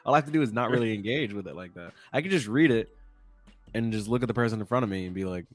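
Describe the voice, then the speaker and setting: A man hosting a podcast in casual chat with his brother, laughing often and talking in quick bursts. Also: lowish voice, faint music behind. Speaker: podcast host.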